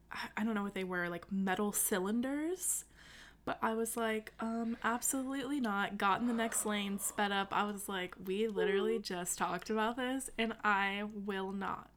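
A woman's voice: mid-range voice, fairly bright tone, slight background noise. A woman co-hosting a podcast, telling stories playfully and laughing often. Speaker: podcast co-host. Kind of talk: casual chat.

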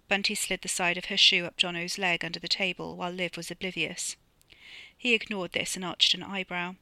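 Woman reading her own book, lowish but really bright voice, dead dry close mic. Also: little pitch movement, normal speed, gravelly, no echo. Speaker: author reading her novella. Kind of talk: audiobook narration.

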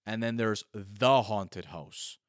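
A man in his thirties tells a loose, funny story, piling up "like" and poking fun at himself. His voice sits on the low side. The sound is dry and close, with almost no room echo. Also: slow pace, smooth. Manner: rambling, heavy on filler "like", self-mocking. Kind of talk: casual comedic storytelling monologue.

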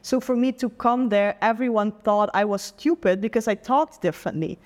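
A woman's voice: fairly high pitch, moderate pace. Young Dutch woman, earnest, reflective, casual interview guest, long reverberant echo. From Netherlands. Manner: earnest, reflective, says "like" often.

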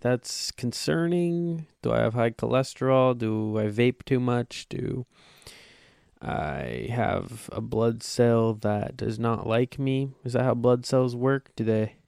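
A man's voice: on the low side, a little mellow, clear, resonant tone, dry recording, studio quality. A young adult man hosting a casual solo podcast, rambling with crude, self-mocking humor. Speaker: podcast host.

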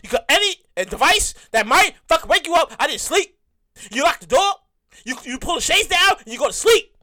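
A woman in her thirties doing a profane comedy rant, repeating herself and slipping into mock voices. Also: sits high. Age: 30s. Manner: profane, repetitive, animated ranting with mock voices. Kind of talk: stand-up style comic rant.

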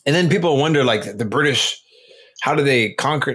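A man's voice: mid-range voice, lively intonation, brisk, a bit bright, husky. A man co-hosting a podcast, chatting casually in slang and acting out little bits as he tells a story. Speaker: podcast co-host. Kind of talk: casual chat.

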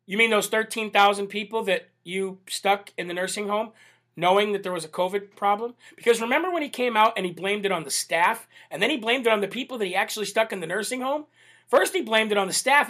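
A man hosting a political commentary livestream, animated, indignant and sarcastic, often calling out to "ladies and gentlemen". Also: high-pitched. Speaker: host.

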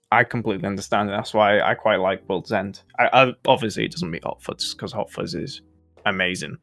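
A young man co-hosting a podcast, chatty and relaxed, swearing casually. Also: lowish voice, creaky. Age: young adult. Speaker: podcast co-host. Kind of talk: casual chat.

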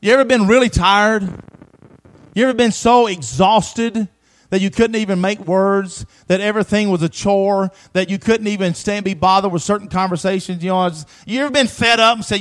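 A man preaching a sermon with emphatic repetition, swinging between loud declarations and hushed asides, and calling on the congregation for responses. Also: high voice, moderate pace, rough recording.

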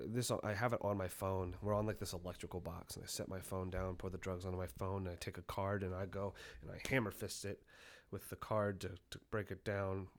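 Profane young man telling a wild story. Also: low-pitched. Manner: profane, animated retelling, acting out quotes. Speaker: podcast co-host. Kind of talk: casual storytelling.

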